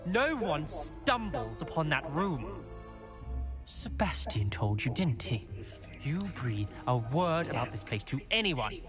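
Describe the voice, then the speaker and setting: A cold, clipped young student with a lively, swinging pitch. He speaks in tight, threatening lines with game music underneath. Sounds guarded and unfriendly throughout. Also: takes it slowly. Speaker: video game character. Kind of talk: video game voice acting.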